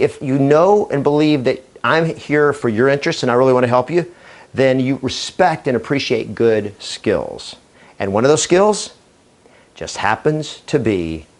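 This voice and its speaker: A man speaks straight to the camera in an energetic coaching talk, at a mid pitch. He drops in deliberate pauses before key words to build weight, and his tone stays upbeat and persuasive. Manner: enthusiastic, uses deliberate dramatic pauses. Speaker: real estate trainer. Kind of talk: energetic training video monologue.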